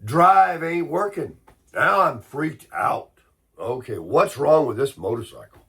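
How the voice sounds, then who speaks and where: Husky, congested American man chatting. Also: a little high, sing-song, a little slow, a bit bright. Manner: rambling storytelling, grumbling. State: sick, congested and hoarse. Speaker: vlogger. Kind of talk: casual morning chat.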